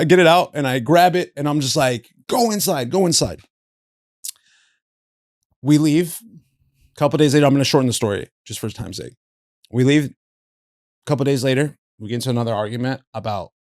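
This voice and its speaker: Brief: podcast host, man, lively storyteller, dry close-mic sound, leaps up in pitch when excited. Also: no echo. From Southern California. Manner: animated, acts out quotes with big pitch jumps; laughs through his stories, says "bro". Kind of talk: casual storytelling.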